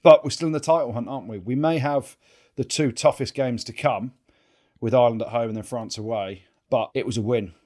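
Brief: English male podcast co-host, quick chatty delivery, mid pitch, salty anecdotes. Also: darkish tone. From England. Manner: chatty storyteller, swears freely. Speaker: co-host, former rugby player. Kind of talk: casual podcast chat.

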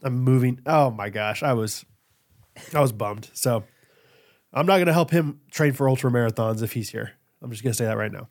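A man's voice: mid-range voice, moderate pace. A man co-hosting a podcast in casual chat, with dry, teasing asides. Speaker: podcast co-host.

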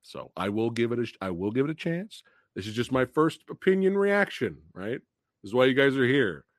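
Profane, animated male movie streamer. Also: mid-range voice, brisk, no room sound, clean studio sound. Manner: profane, animated, laughing and booing. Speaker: movie reaction streamer host. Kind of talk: live stream trailer reaction.

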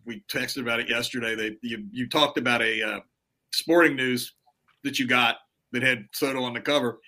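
A man's voice: medium pitch, vocal fry, sharp tone. A man co-hosting a casual sports podcast who often stammers and repeats words. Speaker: podcast co-host.

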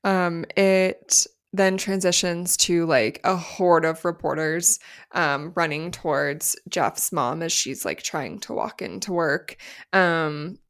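A woman's voice: on the low side, slow pace. A woman co-hosting a podcast, recapping scenes in casual chat with lots of fillers and the odd curse. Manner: casual, swears, many fillers. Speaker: podcast co-host.

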